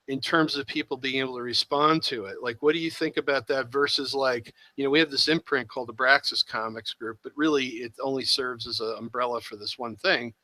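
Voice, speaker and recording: A man's voice: mid-range voice, bright, forceful tone, dry recording, poor audio. A man hosting a casual chat, thinking aloud with hesitant, self-deprecating asides. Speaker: host.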